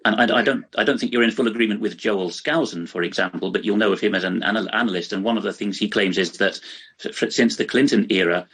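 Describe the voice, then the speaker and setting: A British man interviewing in conversation, measured and wry, arguing points at length. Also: fairly low pitch, fairly bright tone, husky. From Britain.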